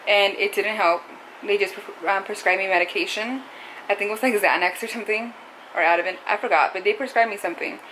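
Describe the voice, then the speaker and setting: A woman's voice: medium pitch, steady tone, fast, a bit bright, a little hiss or hum, low-quality recording. A young adult woman talking to camera in a casual, confessional vlog, rambling and saying "like" a lot. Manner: rambling, heavy use of "like". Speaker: vlogger.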